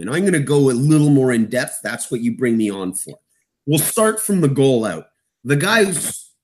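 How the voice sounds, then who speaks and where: A man from Eastern Canada co-hosting a hockey podcast, his pitch leaping all over as he gets excited. He talks fast and jokey, riffing on the playoffs. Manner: excitable, jokey, jumps in pitch when amazed. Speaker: co-host hockey analyst. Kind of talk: sports podcast chat.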